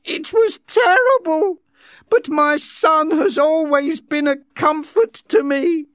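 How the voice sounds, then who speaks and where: A desperate older woman, her voice pitched very high and cracking with tears, as a man reading the story puts her on. She drags out each plea slowly, sounding close and dry in the recording. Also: fairly even intonation, a bit bright, no echo, exaggerated voice. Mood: crying. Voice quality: high, strained, crying. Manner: slow, drawn-out pleading. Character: desperate aging woman, tearful and pleading.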